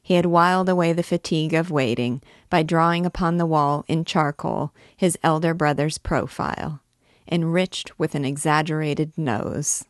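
A woman reading a classic novel aloud in a measured, clear way. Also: sits low, steady tone, no echo, studio quality. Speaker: reader.

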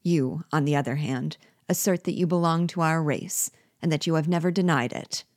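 A woman reading aloud and voicing a cold, commanding male rebel general who speaks in clipped, measured orders. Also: sits low, no room sound, studio quality, natural voice. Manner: cold and clipped, then impatient.

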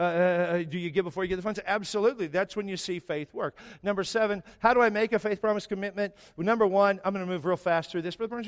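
Animated preacher in a reverberant church. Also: male voice, high voice. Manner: animated storytelling with rising emphasis. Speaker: pastor. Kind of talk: sermon. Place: church sanctuary.

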